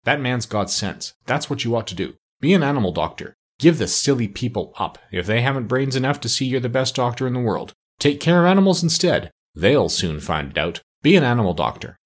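A man voicing a proud, bossy female parrot who talks in a high, chirpy way. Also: very animated, brisk, few pauses. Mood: insistent.

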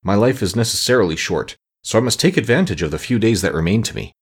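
A man's voice: on the low side, expressive, fast, slightly rough. A man voicing a gloomy, anxious pumpkin-headed creature in a storybook reading, with a plaintive manner. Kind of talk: audiobook character reading.

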